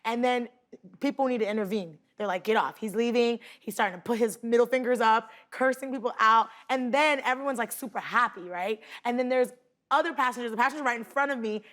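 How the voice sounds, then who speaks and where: A woman's voice: a little high, brisk, fairly bright tone. A woman guest telling a story on a talk show, chatty and full of fillers. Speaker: guest passenger. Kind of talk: animated storytelling. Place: TV studio.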